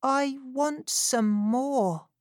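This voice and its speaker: A man's voice: very high-pitched, very slow, dry recording, clean studio sound, pitched above the performer's own voice, full character voice. A man voicing a small, frightened orphan boy who pleads timidly in a storybook reading. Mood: timid pleading.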